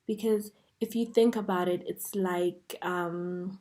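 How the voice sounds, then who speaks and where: A woman teaching an online masterclass in a chatty way, checking in with "okay?" and dropping into soft whispers at times. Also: lowish voice, steady tone, takes it slowly, few pauses. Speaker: dating coach.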